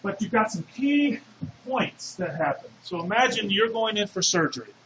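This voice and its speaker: A man's voice: high voice, expressive, normal speed, fairly bright tone, slight background noise. A man giving a classroom lecture, explaining step by step and putting questions to the class. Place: lecture hall. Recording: echoey lecture hall.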